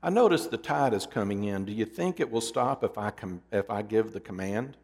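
A preacher voicing a wise old king who gives measured, stern commands, heard with a long hall reverb. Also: lowish voice, lively intonation, a little mellow. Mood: wry. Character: wise, weary old king scolding the sea.

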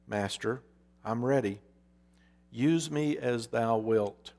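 A man's voice: on the high side, unhurried, gravelly, long reverb tail, voice pushed up. A man voicing a proud male bamboo plant in a storybook parable, pleading in archaic speech. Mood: hushed.

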